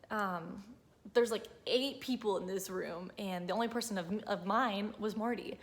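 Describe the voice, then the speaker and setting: A woman's voice: mid-range voice, normal speed. Chatty young woman vlogger. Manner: chatty, lots of "like" and "um", emotional. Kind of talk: casual storytelling to camera.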